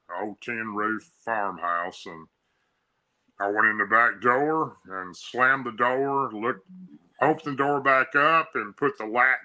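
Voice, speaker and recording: A man's voice: fairly low pitch, bright, forceful tone, rough recording. Male guest, casual storyteller, repeats himself a lot, tense voice. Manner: breathless run-on retelling, repeats himself.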